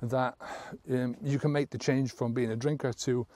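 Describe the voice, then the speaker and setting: A man's voice: medium pitch, level tone, moderate pace, mellow, slight background noise. A man coaching listeners on quitting drinking, earnest and blunt, swearing casually and checking in with "right?" as he goes. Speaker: sobriety coach. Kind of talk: motivational talk to camera.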